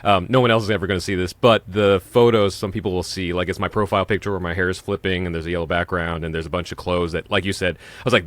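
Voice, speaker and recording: A man's voice: low-pitched, steady tone, rapid-fire, hardly any pauses, a bit bright, no room sound. A man hosting an interview, speaking in a loose, chatty way with plenty of fillers. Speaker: podcast host. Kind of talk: casual interview chat.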